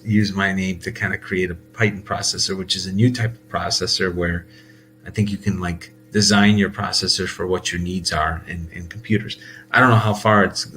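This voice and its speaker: A man's voice: on the low side, fairly bright tone. A man talking casually in a rambling monologue, full of fillers, restarts and laughs. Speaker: host.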